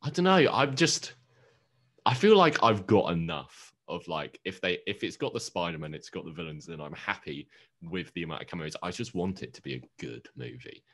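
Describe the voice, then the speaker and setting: A man's voice: low voice, big pitch swings, normal speed, fairly bright tone. A man co-hosting a podcast in casual chat, joking and tripping over words with a laugh. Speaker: podcast co-host.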